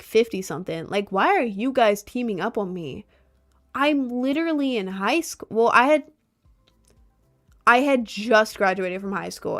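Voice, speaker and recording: A young woman in casual storytime chat, animated and exasperated, sometimes slipping into mock voices of others. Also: mid-range voice. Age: young adult. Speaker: vlogger.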